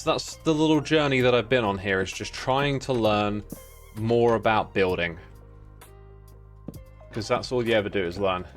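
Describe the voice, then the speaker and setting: A man in his thirties talks in a relaxed, rambling way as he streams a game. His voice sits at an ordinary middle pitch, and he reads out viewer names and messages between thoughts. Faint music plays softly behind him. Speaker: livestreaming gamer. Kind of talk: casual livestream chat.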